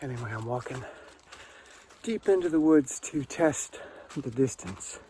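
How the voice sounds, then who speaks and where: A man talks through a candid, reflective vlog with a cheek still swollen from oral surgery. His voice sits at an ordinary middle pitch. A faint outdoor hum runs underneath as he chats while working. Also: animated, measured pace, mellow. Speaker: vlogger. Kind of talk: casual vlog narration. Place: outdoors and around a house under renovation.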